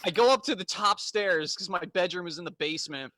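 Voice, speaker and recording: A young man co-hosting a podcast, telling childhood stories in casual chat with quick laughs. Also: sits high, no room sound. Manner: animated storytelling, quick laughs. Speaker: podcast co-host.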